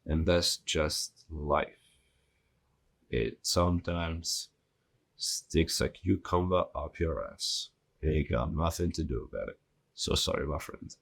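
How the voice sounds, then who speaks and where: A man with a very deep, husky voice hosting a solo podcast. He talks bluntly and casually, mixing crude jokes and swearing into his advice. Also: slow, a bit bright. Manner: blunt, profane, joking. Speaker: podcast host.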